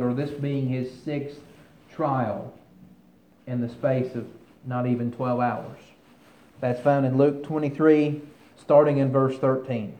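A man delivers a sermon, reading scripture with mounting force and then talking it through conversationally. His voice sits a little high. The room is echoey, with a faint hum of ambience behind him. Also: darkish tone. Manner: reads scripture aloud with rising force, comments conversationally. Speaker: preacher.

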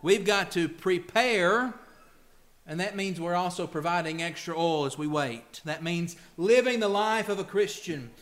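A man's voice: high-pitched, unhurried. A male preacher delivering a sermon, reading scripture and acting out pleading voices. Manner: animated, acts out pleading voices and quotes scripture.

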